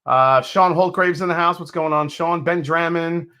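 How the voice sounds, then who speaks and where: A man's voice: a little high, moderate pace, bright, forceful tone. A man hosting a live stream, from New York, chatting casually and greeting viewers one by one. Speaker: host.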